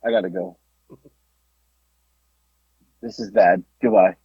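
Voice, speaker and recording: A man's voice: sits low, fairly even intonation, slow pace, husky, dry recording, muffled recording. A man co-hosting a podcast from his parked car, nauseous and winded, talking in an anxious, exasperated, self-mocking way. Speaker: podcast co-host. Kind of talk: casual chat.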